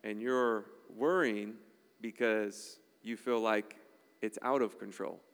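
A man's voice: fairly low pitch, fairly even intonation, slow, a bit bright, clear, resonant tone. Emphatic male pastor in a reverberant hall. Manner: emphatic, conversational preaching with frequent "all right?" asides. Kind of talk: sermon.

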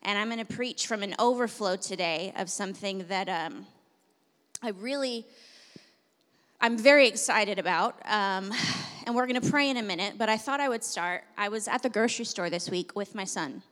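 A young adult woman pastor preaching a sermon in a church, telling an animated story and then praying. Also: mid-range voice, normal speed. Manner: animated storytelling, laughing at times, then prayer. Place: church sanctuary. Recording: reverberant church hall.

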